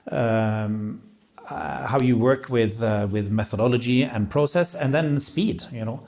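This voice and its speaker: A man's voice: mid-range voice, measured pace. Upbeat Norwegian-raised man being interviewed. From Norway. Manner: energetic, upbeat, with frequent fillers and restarts. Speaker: sovereign wealth fund CEO and podcast host. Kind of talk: casual interview conversation.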